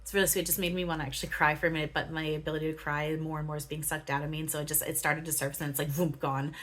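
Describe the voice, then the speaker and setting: A woman's voice: deep voice, level tone, very fast, fairly bright tone. A woman channeler talking in a casual, rambling way, with many fillers and frequent giggles. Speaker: spiritual channeler. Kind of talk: casual spiritual monologue.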